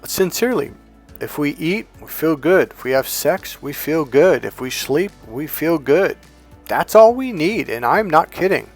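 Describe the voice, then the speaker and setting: A man's voice: a little high, lively intonation, a little slow, faint music behind. A man who is a dating coach, talking off the cuff to camera in a rambling, profane way and acting out grunts and crying babies.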